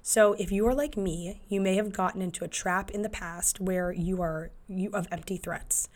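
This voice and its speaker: Speaking at a normal speed with medium pitch and fairly even intonation, this thirty-something podcast host offers laid-back parenting advice. She stumbles through fillers and restarts and slips into acted-out quotations.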